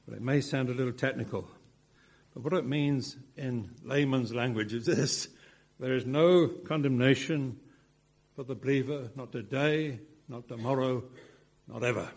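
A man preaching an expository sermon, with measured phrasing and emphatic repetition. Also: medium pitch, darkish tone, husky.

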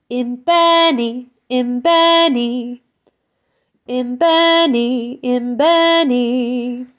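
Female choir director, unhurried and deliberate, teaching lyric pronunciation at a very slow pace. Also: mid-range voice, vocal fry. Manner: slow, careful enunciation with sung examples. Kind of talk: pronunciation lesson for choir singers.

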